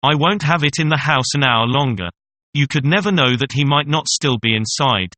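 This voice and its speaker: A man's voice: medium pitch, moderate pace, sharp tone, no echo, natural voice. A man reading the lines of an eager male farmer in a storybook. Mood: firm.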